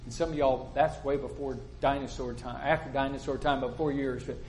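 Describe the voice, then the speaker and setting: A man's voice: medium pitch, fairly even intonation, fairly quick, low-quality recording. An older man preaching a sermon in a plain-spoken, storytelling way, acting out the people he quotes.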